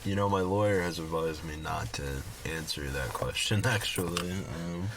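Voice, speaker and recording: A man co-hosting a casual late-night podcast from a parked car, crude and profane, with deadpan teasing. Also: sits low, moderate pace. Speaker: podcast co-host. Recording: background noise.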